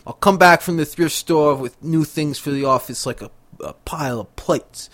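A man's voice: a little high, normal speed, a bit bright, close to an everyday voice. A man putting on an accent to play a pushy office worker nagging his boss, laughing as he goes.

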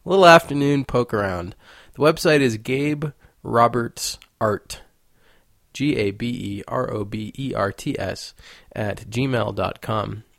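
Young male podcast host, mid pitch, gravelly edge, loose joking delivery. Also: a little slow, a bit bright, dry recording, clean studio sound. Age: young adult. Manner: playful, rambling, joking. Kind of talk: casual monologue.

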